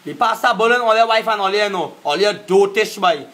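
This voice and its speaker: A man with a Trinidadian accent rants angrily on a live stream, cursing and repeating himself as he confronts people. His voice sits high, runs a little fast, and sounds slightly bright.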